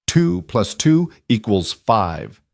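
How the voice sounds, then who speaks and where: A man's voice: mid-range voice, sing-song, slow pace, creaky, no room sound, studio quality, full character voice. A man voicing a nervous teenage girl student who speaks hesitantly. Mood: blurting. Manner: wobbly, hesitant.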